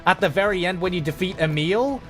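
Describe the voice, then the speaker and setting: A man streaming a video game, chatting in a rambling, excitable manner and cursing freely. His voice sits a little higher than most men's. Soft game music plays faintly underneath. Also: fairly quick. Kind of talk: casual gaming livestream chat.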